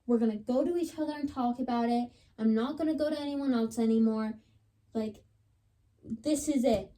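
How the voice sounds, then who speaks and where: Young woman telling a story, mellow voice. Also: on the high side, moderate pace. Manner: chatty, dramatic retelling, lots of "like". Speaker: podcast co-host. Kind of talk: casual chat, storytelling.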